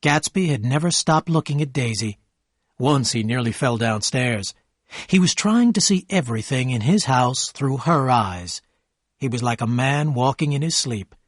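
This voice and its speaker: Male narrator, clear and measured, slow learner-friendly storytelling, mid pitch, dry read. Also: animated, no echo.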